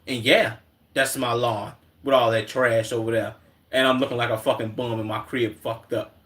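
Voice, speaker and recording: A man's voice: medium pitch, level tone, normal speed, a bit bright, natural voice. Man mimicking a brash pleading pregnant woman. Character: fed-up pregnant woman begging for help.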